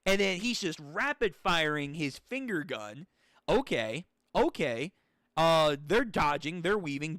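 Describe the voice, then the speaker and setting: A young man casually reading a manga aloud and commenting, excitable and joking, with profane asides. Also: fairly high pitch, measured pace, no echo, studio quality. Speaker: channel host reading a manga.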